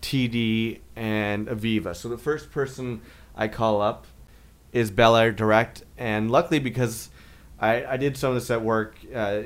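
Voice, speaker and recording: A man co-hosting a podcast, telling a long story in casual chat, rambling and getting animated when he quotes other people. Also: mid-range voice. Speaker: podcast co-host.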